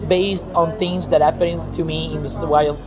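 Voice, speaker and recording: A man's voice: a little high, level tone, moderate pace, music in the background. A man being interviewed about his comic art in a casual chat, telling stories animatedly with many restarts and repeated words. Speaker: comic artist guest. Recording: muffled recording with busy crowd.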